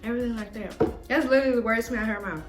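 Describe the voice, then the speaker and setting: A woman's voice: a little high, rapid-fire. A young woman co-hosting a casual vlog, telling a personal story in a chatty way with many restarts. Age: young adult. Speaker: vlog co-host. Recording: echoey room with faint music.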